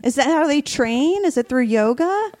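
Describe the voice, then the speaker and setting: A woman's voice: high voice, expressive, moderate pace, a little mellow, no echo. Chatty, jokey woman on a dry mic. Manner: chatty and jokey, laughing often. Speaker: podcast guest. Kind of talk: casual chat.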